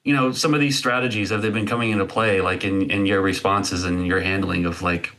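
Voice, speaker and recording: A man's voice: low-pitched, fairly even intonation, a little fast, fairly bright tone. A man co-hosting, asking questions hesitantly with many fillers. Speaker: podcast co-host. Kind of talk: casual interview questions.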